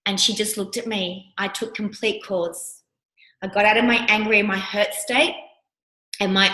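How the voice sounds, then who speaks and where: A woman coach runs a workshop, sharing personal stories and acting out the voices of the people she quotes like an animated storyteller. Her voice sits in the mid-range and moves at a moderate pace. The room gives the recording a roomy echo.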